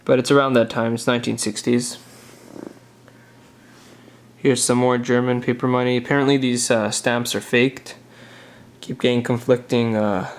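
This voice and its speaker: Flat, gravelly-voiced man showing his banknotes. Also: mid-range voice. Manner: relaxed, halting, many "uh" pauses while reading notes. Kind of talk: casual show-and-tell vlog.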